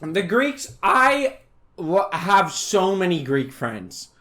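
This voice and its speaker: Animated, profane man ranting. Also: high voice, slow pace. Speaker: podcast co-host. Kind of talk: casual chat.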